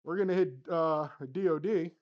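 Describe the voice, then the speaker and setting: A man's voice: fairly high pitch, a little fast, dull audio. A man hosting a sim golf channel, talking through his own round shot by shot, muttering to himself and swinging between flustered and upbeat. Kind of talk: casual play-by-play commentary. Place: home golf simulator studio.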